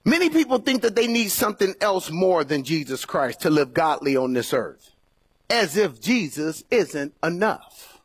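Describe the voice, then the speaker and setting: A man delivers a sermon in a husky, somewhat high voice that swoops widely in pitch. He mimics pleading listeners with sudden squeaky jumps. The sound is close and dry. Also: sing-song, unhurried, no echo. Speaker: preacher. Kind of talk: evening sermon.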